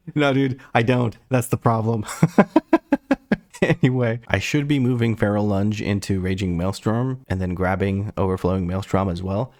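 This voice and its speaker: A man's voice: on the low side, normal speed, darkish tone, no room sound, studio quality. A man giving casual, rambling gameplay commentary, swearing often and poking fun at himself. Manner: rambling, frequently swearing, self-mocking. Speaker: gaming streamer.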